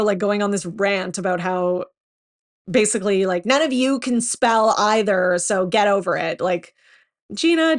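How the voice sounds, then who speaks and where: A woman hosts a gossip podcast in a loose, chatty way, leaning on fillers as she riffs. Her pitch sits right in the middle for a woman, and she sounds animated, like she's enjoying her own commentary. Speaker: podcast host. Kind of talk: casual reality TV gossip commentary.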